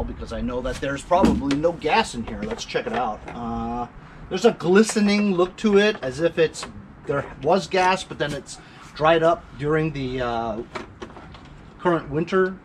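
A man's voice: a little high, lively intonation, a little slow, a little hiss or hum. A man hosting a small engine repair channel, chatting casually with rambling asides and lots of fillers while he works. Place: home garage and car.

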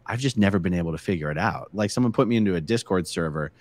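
A man's voice: sits low, expressive, very fast, darkish tone, dry recording. A man co-hosting a casual live stream who reads viewer comments aloud and chats about them over a video call. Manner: chatty, reading comments aloud. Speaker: co-host reading viewer chat.

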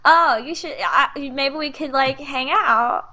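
A woman's voice: high-pitched, slow pace, sharp tone, heavily acted. A woman voicing an eager teenage schoolgirl who gushes and hesitates during a tabletop game. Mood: gushing. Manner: gushing, hesitant. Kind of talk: tabletop role-play.

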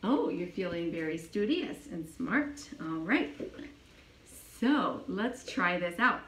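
A woman teaching young children an English lesson, speaking slowly and patiently and repeating each phrase for a child to copy. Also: fairly low pitch, very animated. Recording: echoey room.

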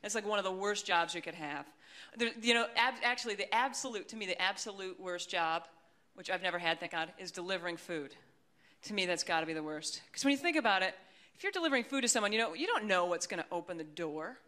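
A woman's voice: medium pitch, expressive, fast talker, sharp tone. A woman comedian doing a stand-up set, self-deprecating and rambling, with dry asides. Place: comedy stage before a live audience.

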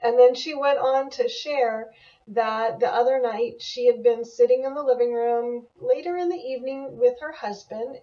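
A middle-aged woman, an animal communicator, telling a student story in an enthusiastic, animated mentoring talk. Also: a little high. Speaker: animal communicator teaching a class. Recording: dull, lo-fi audio from a distance.

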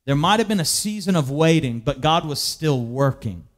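A man preaching a sermon in a conversational way, with frequent restarts and fillers, slowing down to stretch out key phrases for emphasis. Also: fairly high pitch, animated. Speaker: pastor.

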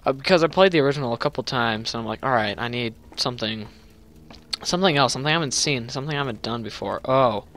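A young man talks through a horror game in a casual, rambling way at an ordinary middle pitch. When something jumps out, he breaks into loud, panicked yelling. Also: fast. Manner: chatty, jumpy, loud panicked yelling at scares. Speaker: gameplay commentator. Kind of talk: horror game let's play commentary.

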